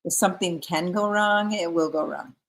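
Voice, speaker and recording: A woman's voice: on the low side, normal speed, a bit bright. Chatty woman hosting a craft livestream. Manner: chatty, reads viewer comments aloud. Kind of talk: casual livestream chat.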